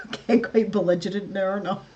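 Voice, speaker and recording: A woman's voice: medium pitch, dark tone, lo-fi sound, slight background noise. A woman hosting a casual live stream, chatting to her viewers as she builds, laughing often and muttering to herself. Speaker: livestream host.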